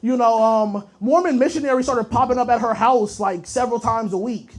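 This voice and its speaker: High-voiced man doing raunchy stand-up. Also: a little fast. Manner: profane, rambling storytelling to the crowd. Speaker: stand-up comedian. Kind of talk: stand-up comedy set. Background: audience laughter.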